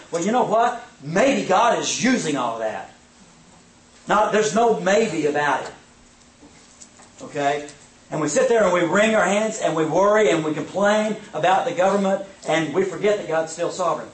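A man's voice: high voice, expressive, moderate pace, slight background noise. A man teaching an informal Bible survey lesson, conversational and often checking in with his listeners. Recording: echoey room, mic at a distance.

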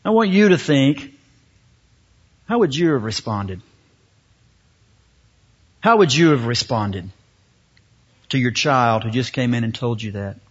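A man preaching a sermon, telling a story slowly with dramatic pauses before turning to scripture. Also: medium pitch, expressive, husky. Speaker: pastor. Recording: dull lo-fi recording.

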